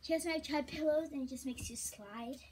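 A woman chatting casually in a gymnastics tutorial vlog, rambling and sometimes dropping into soft, whispery asides. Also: sits high, moderate pace, a little hiss or hum. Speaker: vlogger teaching gymnastics.

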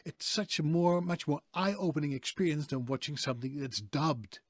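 A man's voice: on the high side, normal speed, no room sound, clean studio sound. A man with a Dutch accent, telling stories as a guest in a casual interview. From Netherlands. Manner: lively, expressive storyteller. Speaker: guest, voice actor.

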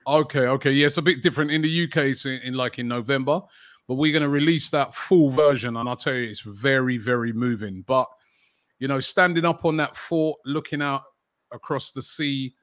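A middle-aged man with a London accent talks easily in an interview and often breaks off into fillers and restarts. His voice sits at a middle pitch. It is recorded dry and close, with no room echo. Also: a little fast, fairly bright tone. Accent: London English. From England. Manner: chatty, frequent fillers and restarts. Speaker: football channel host, interview guest. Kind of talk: casual interview conversation.

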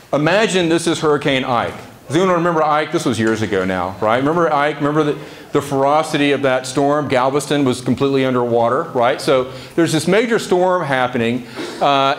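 A man giving a casual, conversational sermon in a church service, often checking in with the congregation. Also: fairly high pitch. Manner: conversational, chatty asides, frequent "right?" to the congregation. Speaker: preacher.

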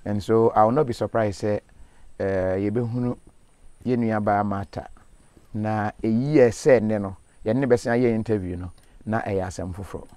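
A man's voice: fairly low pitch, fairly even intonation, moderate pace, dark tone, dry recording. A man hosting an interview outdoors, talking casually with encouraging, preacher-like asides. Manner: casual, preaching asides, switching between languages. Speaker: host. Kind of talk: field interview. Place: outdoors in a forest.

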